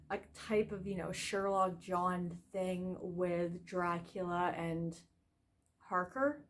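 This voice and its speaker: A woman giving a casual, scattered video review, frustrated and animated, with lots of fillers and restarts. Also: on the high side, husky.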